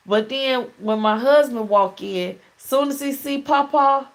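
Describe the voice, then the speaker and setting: A woman's voice: on the high side, measured pace, hardly any pauses. A middle-aged woman hosting a casual call-in show, telling stories in a chatty way and laughing often. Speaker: talk show host.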